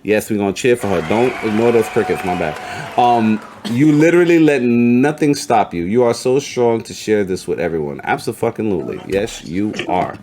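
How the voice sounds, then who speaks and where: Male host, deep-ish, profane and hype, faint background noise. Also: lively intonation, normal speed. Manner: profane, hype, reads chat comments aloud. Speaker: podcast host. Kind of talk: casual interview chat.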